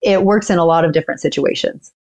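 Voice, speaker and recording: Woman in her forties, lower-pitched, earnest explainer, interview guest. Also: fast talker, darkish tone. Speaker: dental attorney guest. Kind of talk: casual interview talk.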